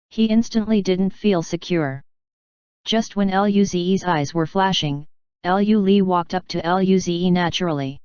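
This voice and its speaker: A woman with a smooth, very clear voice, pitched a little low, reads an audiobook in a steady, even way. The sound is close and dry, with a slightly dull, muffled tone. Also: measured pace, no echo. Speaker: audiobook narrator. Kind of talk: scripted narration.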